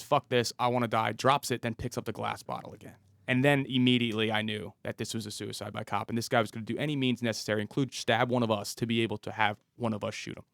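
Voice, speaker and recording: A man's voice: mid-range voice, gravelly, a bit bright, no echo. A man who was a police officer, a podcast guest telling a story in a casual, matter-of-fact way. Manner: detailed, matter-of-fact retelling.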